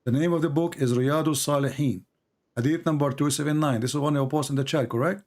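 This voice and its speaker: A man hosting a live-streamed religious debate, arguing and pressing his caller with repeated questions, reading passages slowly. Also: a little high, steady tone, darkish tone. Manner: reads quoted passages slowly and deliberately.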